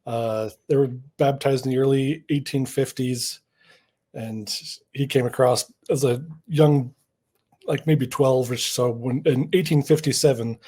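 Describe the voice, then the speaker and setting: A man's voice: medium pitch, steady tone, unhurried, dark tone, breathy edge. Easygoing man telling history stories. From Idaho. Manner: easygoing, jokey storyteller. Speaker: guest, Mormon history storyteller. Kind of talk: casual interview.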